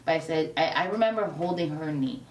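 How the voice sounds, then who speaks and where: A woman's voice: low voice, fairly quick, dull audio. A woman telling a personal story in a candid conversation, acting out the quoted lines feeling. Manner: animated, acts out quoted dialogue. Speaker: guest. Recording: roomy echo, mic at a distance, faint hiss.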